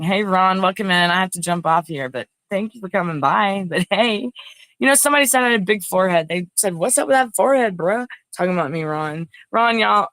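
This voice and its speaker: A woman's voice: sits low, fairly bright tone, no echo. Chatty woman doing a casual livestream, rambly, says hi to viewers by name, dry close sound. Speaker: livestream host. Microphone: phone.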